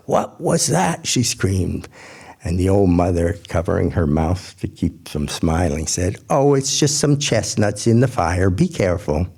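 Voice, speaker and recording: A man telling a folk tale to a gathering, in a measured, gentle storytelling manner. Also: low-pitched, slightly rough.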